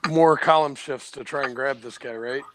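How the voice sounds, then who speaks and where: A man's voice: medium pitch, moderate pace, slight background noise. A man playing a tabletop game, checking rules and laughing between questions. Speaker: player. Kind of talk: casual chat.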